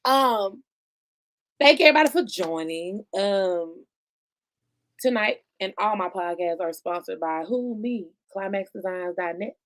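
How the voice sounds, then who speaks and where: A woman hosting her live-streamed podcast in a casual, chatty way, laughing often and swinging from loud bursts down to soft asides. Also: mid-range voice, animated, a little slow. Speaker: podcast host.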